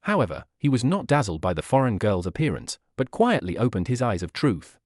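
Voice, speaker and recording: A man reads a web novel aloud as the narrator, keeping an even, steady pace. His pitch rises and falls a lot, and the recording is dry with no room sound. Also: brisk, no echo.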